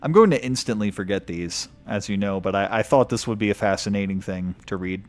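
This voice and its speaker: A man's voice: fairly low pitch, brisk. A man streaming a video game, reading lore aloud in a casual way, stumbling over odd names and chuckling.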